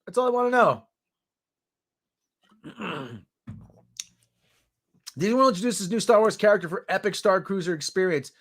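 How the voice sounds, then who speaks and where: A man's voice: high voice, expressive, normal speed, pauses often, a bit bright. A man hosting a podcast, giving sarcastic, ranting news commentary in a mocking tone. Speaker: podcast host.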